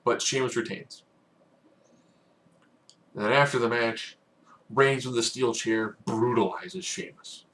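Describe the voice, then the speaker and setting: A man giving a casual, rambling spoken recap, now and then acting out quotes in loud bursts. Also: mid-range voice, slow pace, pauses often. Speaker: wrestling recap host.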